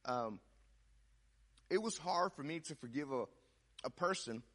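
Young male preacher, bright, slightly high voice; chatty testimony, stumbles over repeated words. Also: animated, unhurried. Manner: conversational, repeats words, swings from loud to hushed. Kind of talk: sermon with personal testimony.

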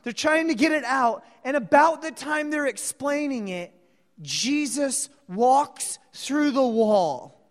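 A woman's voice: high-pitched, expressive, slow. A woman preaching a sermon, telling the story dramatically and acting out the voices of the people in it. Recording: long reverb of a large hall.

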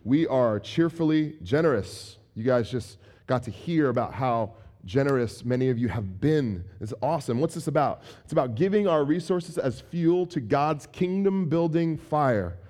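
Mellow-voiced man preaching a sermon. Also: mid-range voice, moderate pace, hardly any pauses. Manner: conversational, animated, acts out examples. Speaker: pastor.

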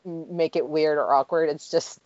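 Podcast co-host, woman in her 30s, lowish voice, candid and chatty, dry lo-fi sound. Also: fairly even intonation, normal speed, darkish tone, no room sound. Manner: talkative, candid, with small laughs. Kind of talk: casual chat.

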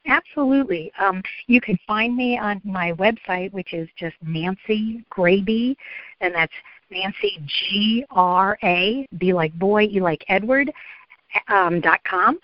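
A woman's voice: medium pitch, slow, dry recording, dull audio. A woman therapist and speaker, a guest in an interview, telling stories and acting out the voices of parents and kids. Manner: animated storyteller acting out parent and child voices. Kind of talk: interview conversation.

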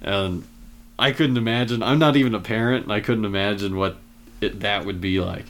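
A man with a fairly low voice talks through a movie's scenes in a relaxed, rambling way. He leans on fillers as he retells each moment. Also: fairly quick. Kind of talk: casual film discussion.

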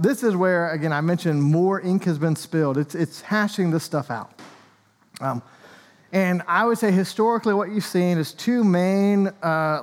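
A man's voice: high voice, in a large hall. A man, an Anglican priest, preaching a sermon in a conversational way with joking asides. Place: church.

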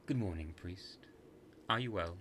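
A man's voice: low-pitched, measured pace, a bit bright, a little hiss or hum. A man doing a sly, taunting demon. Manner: taunting, mocking. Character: sly mocking male demon, taunting and gleeful.

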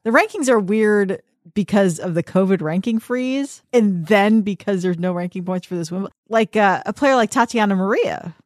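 A woman hosts a casual tennis chat, speaking her mind and laughing often. Her voice sits at an ordinary middle pitch. The recording is close and dry, with no room around it. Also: no echo. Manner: opinionated, quick to laugh. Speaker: tennis podcast host.

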